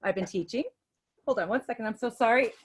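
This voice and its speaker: Brief woman in her 50s, excitable storyteller, restarts often, webinar guest on a video call. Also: on the high side, fast, slight background noise. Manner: hyper, chatty, restarts a lot. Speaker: guest speaker, teacher. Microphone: video call with earbuds.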